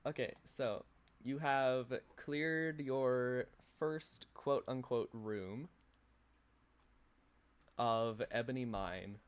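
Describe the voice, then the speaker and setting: A man narrating a tabletop game as game master, playful and unhurried. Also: medium pitch, fairly even intonation, clear, resonant tone.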